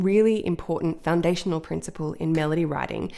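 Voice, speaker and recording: A woman teaching songwriting in a video lesson, explaining ideas clearly and with emphasis. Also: fairly low pitch, animated, normal speed.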